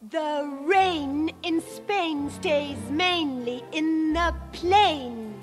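An actress playing a young woman practicing elocution drills with careful, drawn-out diction, from an old film soundtrack. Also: sits high. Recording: old film soundtrack with hall reverb and soft music.

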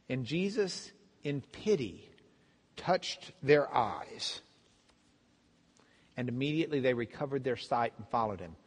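Animated, breathy-voiced male preacher. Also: medium pitch, a little slow, long pauses, long reverb tail. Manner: animated storytelling, acts out voices of the crowd and blind men. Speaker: pastor teaching a Bible class. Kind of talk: sermon.

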